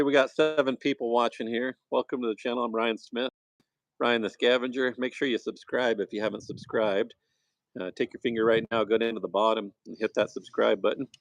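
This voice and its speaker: A man's voice: mid-range voice, fairly even intonation, brisk, no echo, rough recording. A man hosting a casual live stream by a campfire, welcoming viewers and reading their messages aloud. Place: outdoors by a campfire.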